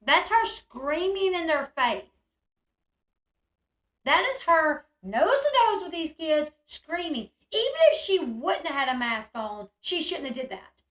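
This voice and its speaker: A woman's voice: high voice, very animated, a little slow, fairly bright tone, echoey room. A woman hosting a live online discussion, reacting with indignation and answering viewers' comments. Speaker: channel host reading chat and commenting.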